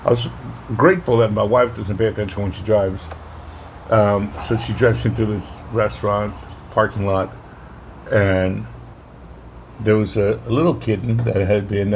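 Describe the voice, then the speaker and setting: A man co-hosting a podcast, telling stories in a relaxed, joking way and calling his friend dude. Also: lowish voice, a little slow, vocal fry, long pauses, a little hiss or hum. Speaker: podcast co-host. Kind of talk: casual chat.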